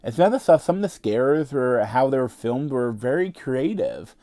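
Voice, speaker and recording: A man talks through a movie review in a casual, rambling way, leaning on filler words and restarts. His voice sits at a middle pitch. The recording is dry and close. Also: lively intonation, normal speed, dark tone, dry recording.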